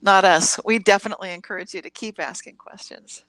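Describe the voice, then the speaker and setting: A woman co-hosting a casual panel chat, quick to laugh. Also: mid-range voice, fairly bright tone, no echo, low-quality recording. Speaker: panel co-host.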